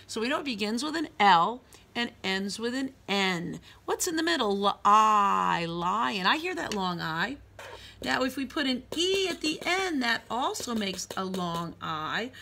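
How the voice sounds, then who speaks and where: A woman preschool teacher leading a phonics lesson for young children, sounding out letters slowly in a sing-song way. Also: medium pitch, sharp tone.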